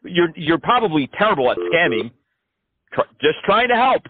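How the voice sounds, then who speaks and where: A man's voice: a little high, very animated, normal speed, slightly rough, dry recording, phone-quality sound. A man prank-calling scammers, taunting and cursing them with sarcastic jabs. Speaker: scam-baiting host.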